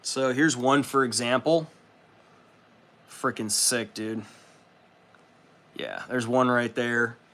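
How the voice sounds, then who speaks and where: A man hosting a casual livestream, loose and profane, excitable and chatting with his viewers as he works. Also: mid-range voice, takes it slowly, long pauses. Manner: loose, profane and excitable, reads chat aloud. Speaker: livestream host. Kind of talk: casual livestream chat while building models.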